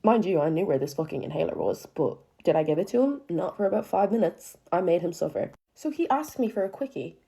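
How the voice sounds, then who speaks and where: A woman's voice: on the low side, brisk, creaky, hardly any pauses. A young woman telling a dramatic personal storytime, swearing often and punching her lines with sudden bursts of emphasis. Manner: expressive, profanity-heavy, dramatic retelling with bursts of emphasis. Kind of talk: storytime monologue.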